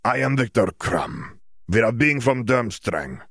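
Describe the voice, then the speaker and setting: A man voicing a serious foreign student who speaks slow, careful, halting English. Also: mid-range voice, very animated, vocal fry, a bit bright, no room sound, clean studio sound, voice pushed up, full character voice. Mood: earnest. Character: brooding teenage boy, foreign student, formal.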